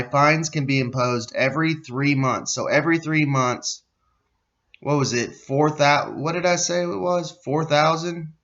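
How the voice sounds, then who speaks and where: A man's voice: mid-range voice, pushed and bright, highs cut off. An American man hosting a podcast, reading a news article aloud and breaking off into sarcastic, profane commentary, sometimes losing his place. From United States. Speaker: podcast host.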